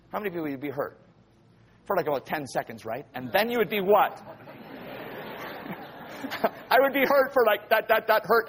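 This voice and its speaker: A man's voice: fairly high pitch, creaky, a bit bright, breathy edge. A man preaching a sermon who tells stories vividly, acts out scenes and keeps asking his listeners questions. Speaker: pastor.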